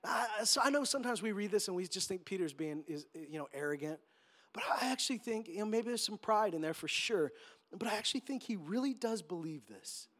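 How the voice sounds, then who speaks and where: High-pitched animated preacher man. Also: fairly quick. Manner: animated, acts out quotes, joking asides. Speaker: pastor. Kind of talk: sermon.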